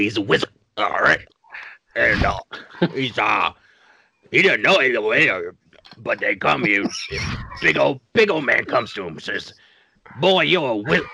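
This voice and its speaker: A man's voice: mid-range voice, creaky, bright, forceful tone, a little hiss or hum, full character voice. A man doing an impression of a manic male ghoul from a film, rambling through a story as if his mouth is full of ice cream.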